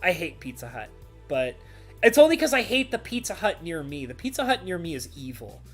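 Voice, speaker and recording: A man's voice: on the high side, brisk, slightly rough, faint music behind. A man chatting casually on a live stream, reading out chat messages and rambling with plenty of "like" fillers. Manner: animated, mock-ranting.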